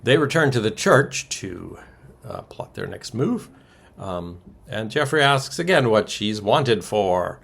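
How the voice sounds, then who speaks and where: A man with a gravelly, slightly husky voice talks through a casual recap. His pitch rises and falls a lot as he drops wry asides and chuckles between the ums. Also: very animated, slow pace, fairly bright tone. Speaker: podcast co-host recapping a soap opera.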